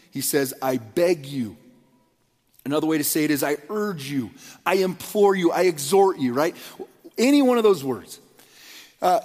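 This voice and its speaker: A fairly high-voiced man preaching an earnest, conversational sermon. He talks in loose stretches full of restarts and fillers. His voice rings out with a long reverb tail, like a church auditorium. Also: a little mellow. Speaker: pastor.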